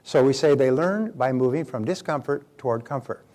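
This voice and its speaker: A man's voice: medium pitch, normal speed, a little mellow. Man from North America, motivational seminar speaker, mid-range voice, anecdotal, repeats key lines, acts out quotes. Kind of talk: seminar talk.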